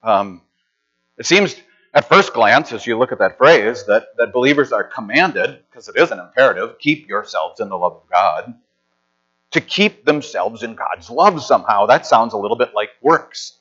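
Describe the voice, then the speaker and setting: A man's voice: mid-range voice, expressive, moderate pace, bright, forceful tone, husky. Man preaching a casual sermon, dull recording. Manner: conversational, anecdotal preaching with frequent restarts. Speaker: pastor. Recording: slightly dull lo-fi sound.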